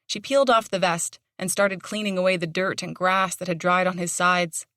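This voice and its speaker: A woman reads an audiobook in a measured storytelling manner. Her voice sits on the low side. The recording is dry, with no echo. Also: steady tone, bright, forceful tone. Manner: measured storytelling with dramatic tension. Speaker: audiobook narrator. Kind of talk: scripted narration.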